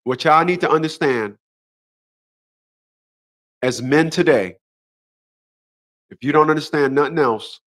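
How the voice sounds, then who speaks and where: Hosting a relationship advice show, a man with a slightly high, somewhat bright voice delivers a preachy solo monologue. He leans on repeated rhetorical questions and short, emphatic phrases.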